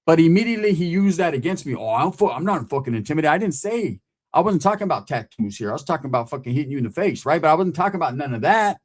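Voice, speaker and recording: A man's voice: on the high side, very fast. A middle-aged man from California telling a profane story in casual talk, often checking in with "right?". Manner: profane, animated, keeps asking "right?".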